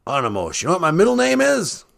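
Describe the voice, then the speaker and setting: A man's voice: on the high side, huge pitch swings, quick pace, vocal fry, full character voice. A man voicing a goofy male talking dog who calls in to a podcast, with a folksy, jokey delivery. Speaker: caller. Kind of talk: comedy call-in sketch.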